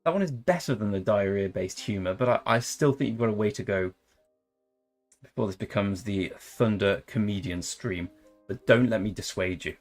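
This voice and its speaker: Man in his thirties from England, lowish voice, dry self-mocking stream banter. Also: normal speed, soft background music. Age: 30s. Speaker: game streamer. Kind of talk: live stream chat. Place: room.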